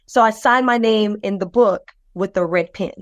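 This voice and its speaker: A podcast co-host with a medium-pitched voice and moderate pace tells a personal story, recorded without echo. She rambles loosely with fillers and restarts, lively and expressive as she acts out the voices of the people involved.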